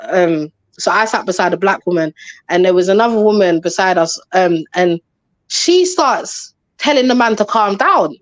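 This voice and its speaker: A woman telling a story on a live panel, animated and chatty, acting out what people said. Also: mid-range voice, moderate pace, no echo. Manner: animated, acts out quotes, chatty slang. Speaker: panel guest.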